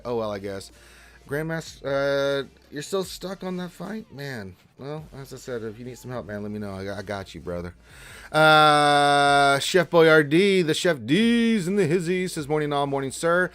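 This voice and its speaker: Lively male livestream host. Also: mid-range voice. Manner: animated, greets viewers by name, jokey. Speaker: livestream host reading chat. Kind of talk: casual livestream chat.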